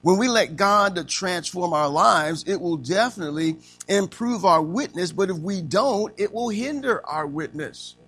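A man preaching an interactive sermon to a class, asking the room questions and acting out stories with slow, emphatic delivery. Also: sits high, expressive, fairly bright tone, faint music behind.

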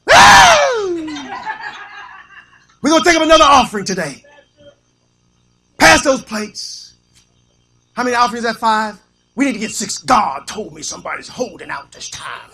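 A man's voice: extremely high pitch, huge pitch swings, normal speed, pauses often, pushed and bright, husky, shouting, full character voice. A man putting on a greedy male preacher who whoops and hollers for more offerings. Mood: shouting frenzy. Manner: hollering, whooping, ordering the organ and choir.

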